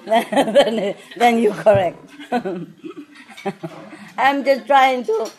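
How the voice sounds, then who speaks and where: A woman's voice: fairly high pitch, very slow, long pauses, darkish tone. A woman guiding a group at a restaurant table, joking and teasing in playfully non-native English and laughing often. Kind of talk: casual joking chat.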